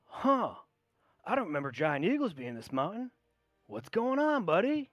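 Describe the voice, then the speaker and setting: A man voicing a huge, friendly male bronze dragon who talks in a booming, excited way in a tabletop game. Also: normal speed, no echo, highs cut off, faint music behind. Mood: friendly surprise.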